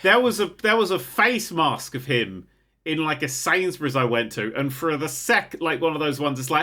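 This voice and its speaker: A man's voice: fairly high pitch, lively intonation, fairly quick, sharp tone. A young man hosting a casual podcast, rambling and swearing with frequent laughter. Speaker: podcast host. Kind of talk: casual chat.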